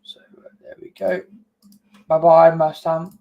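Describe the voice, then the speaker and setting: A man's voice: on the high side, measured pace, vocal fry, highs cut off. A man co-hosting a livestream, talking defensively and repeating himself. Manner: defensive, keeps repeating "calm down". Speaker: stream co-host. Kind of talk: heated livestream chat.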